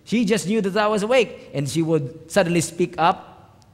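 A man, a pastor telling a personal story in a sermon, swinging from hushed lines to loud emphatic ones. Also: sits high, moderate pace. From Philippines. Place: church hall. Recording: reverberant church hall.

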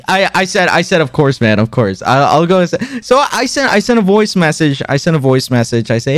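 A young man in his twenties chatting casually to his stream viewers, excitable, swinging his pitch up and down and repeating himself as he retells a story. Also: a little fast, hardly any pauses, no room sound, soft background music.

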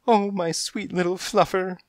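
A man voicing a fussing, motherly female cat in a high, cooing tone in a storybook reading. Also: sing-song, unhurried, no room sound, heavily acted. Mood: fretful doting.

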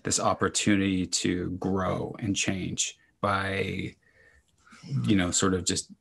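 A man's voice: deep voice, flat delivery, takes it slowly, vocal fry, fairly bright tone, breathy edge. A man hosting a casual interview, speaking in a rambling, encouraging way with lots of fillers. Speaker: podcast host.

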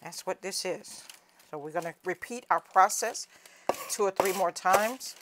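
A woman's voice: on the low side, unhurried, heavy background noise. Folksy Southern woman teaching home cooking. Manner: folksy, chatty, calls viewers honey and cousins. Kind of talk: casual cooking demonstration.

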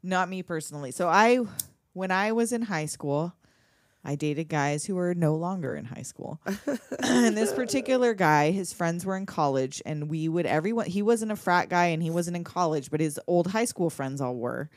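A woman's voice: lowish voice, lively intonation, normal speed, dry recording, clean studio sound. A woman in her thirties co-hosting a film podcast in casual chat, swearing freely and laughing as she tells stories. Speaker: podcast co-host.

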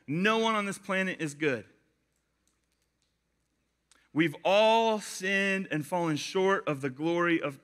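A young man giving a casual youth sermon, chatty and animated, telling stories with lots of fillers. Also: sits high. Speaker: youth pastor.

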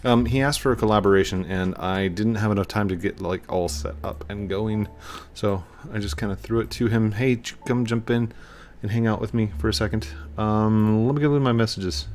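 A man's voice: lowish voice, fairly even intonation, brisk, darkish tone, a little hiss or hum. A man with a rural Missouri twang, rambling and chatting through casual gameplay commentary as a gaming channel host, often mocking himself with a chuckle. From Missouri, USA. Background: faint game music.

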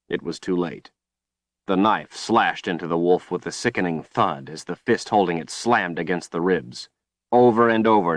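A man reading an audiobook in steady, grave scripted narration on a close studio mic. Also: low-pitched, no room sound.

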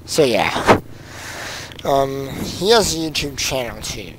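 A man's voice: medium pitch, big pitch swings, slow, very noisy. A young man narrating a car-crash video game casually, rambling with many ums and giggles, and he has the hiccups. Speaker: gaming channel host. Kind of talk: casual gameplay commentary.

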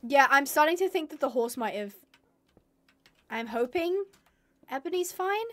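A woman's voice: high-pitched, lively intonation, measured pace. A young woman streaming a game live, chatting to viewers and gushing and squealing over cute animals.

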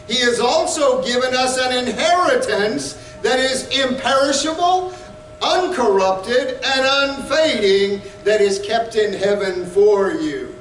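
A man preaching a sermon as pastor, fervent and rising to shouts at times. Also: very high voice, lively intonation, slow, echoey room, far from the mic, a little hiss or hum, rough recording.

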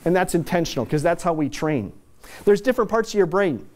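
A man's voice: sits high, lively intonation, a little fast, darkish tone. Man telling stories in a keynote talk. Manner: conversational, anecdotal, self-deprecating asides. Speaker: corporate speaker.

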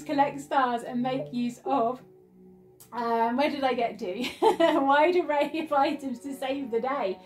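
A high-pitched woman chatters through an unboxing and a retro game, gushing and squealing with delight. Faint game music plays behind her voice. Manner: gushing, squealing, laughing often. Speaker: retro gaming vlogger. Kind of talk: excited unboxing and gameplay chat. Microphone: phone.

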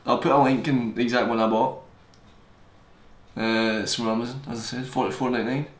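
A young man reviewing a gadget on camera in a fast, joking, rambling way. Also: mid-range voice, little pitch movement. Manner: fast-talking, joking, digressive. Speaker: tech reviewer. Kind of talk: casual rambling product review. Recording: echoey room, faint hiss.

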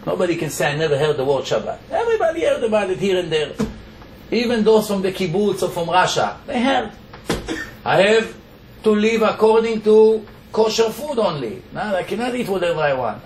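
A man with an Israeli accent, a rabbi giving a Torah lecture to a congregation, emphatic and firing off rhetorical questions that he answers himself. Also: high voice. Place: lecture hall. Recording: echoey hall with faint background noise.

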